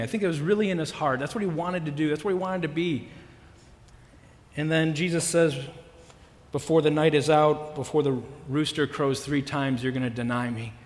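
A man preaching a sermon as pastor, earnest and emphatic, with dramatic pauses in a church worship center. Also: a little high. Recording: long hall reverb.

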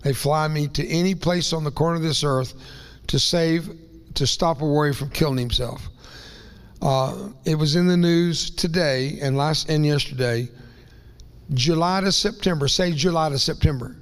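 Guest preacher, male, folksy and rambling, a bit high-pitched, voice breaking into whispers, long church reverb. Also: moderate pace. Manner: folksy, rambling, self-deprecating asides; voice rises and breaks into tearful whispers. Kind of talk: emotional Pentecostal sermon. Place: church sanctuary.

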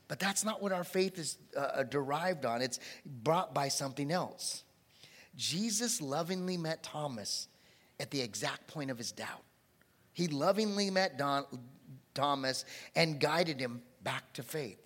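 Preaching man in a reverberant church hall. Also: fairly high pitch. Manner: preaching with sudden loud animated bursts. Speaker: pastor. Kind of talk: sermon. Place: church sanctuary.

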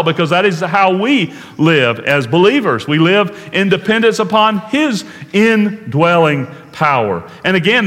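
A man preaching a sermon with earnest conviction, his voice sitting a little high for a man. He slows down to weigh key words and sometimes sinks to a near hush. His voice rings out with a long reverb, as if in a large hall. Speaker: pastor.

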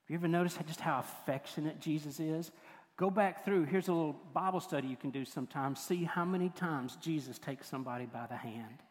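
An older man preaching a sermon as pastor, moving between forceful points and hushed, tender passages. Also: on the high side, fairly quick. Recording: long hall reverb.

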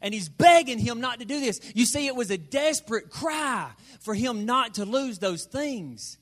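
A man preaching a sermon, folksy and joking, slowing down to stress his points. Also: very high voice, lively intonation. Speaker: pastor.

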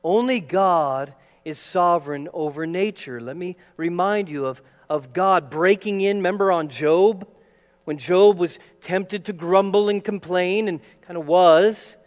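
A man preaching a sermon, dramatic, shifting from loud acted quotes to hushed asides. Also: high voice, unhurried. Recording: long reverb of a large hall, faint mains hum.

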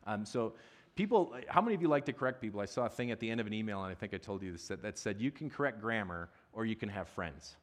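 A man preaching in a loose, conversational way, full of asides and questions thrown out to the congregation. His voice sits a little low for a man. He is a pastor who pokes fun at himself as he talks. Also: animated, quick pace. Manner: chatty and self-deprecating, with frequent asides and audience questions. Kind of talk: conversational sermon.

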